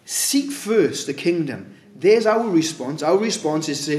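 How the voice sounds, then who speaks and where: A man preaching in a roomy church hall with clear reverb around his slightly high voice. He talks through the sermon casually, tossing rhetorical questions at the congregation. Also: expressive, measured pace, few pauses, darkish tone. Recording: echoey room.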